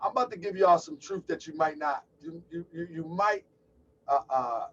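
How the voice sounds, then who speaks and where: A man's voice: a little high, expressive, normal speed, fairly bright tone, a little hiss or hum. A man hosting a call-in livestream, chatty and loose, exclaiming and laughing as he sets up. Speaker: host of a call-in show. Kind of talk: casual livestream talk. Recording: distant, dull lo-fi mic.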